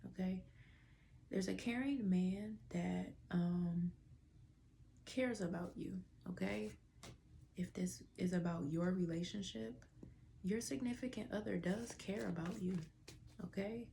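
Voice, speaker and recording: A woman's voice: medium pitch, measured pace, gravelly, warm tone, a little hiss or hum. A woman giving a casual tarot reading to viewers, with a stuffy nose, drawling through fillers and dropping into whispers. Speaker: tarot reader.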